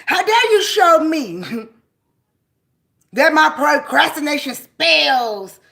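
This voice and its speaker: A woman's voice: very high-pitched, big pitch swings, slow, sharp tone, voice pushed up, exaggerated voice. A woman mocking a jealous, spiteful rival. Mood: taunting. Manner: taunting, defiant, laughing between phrases.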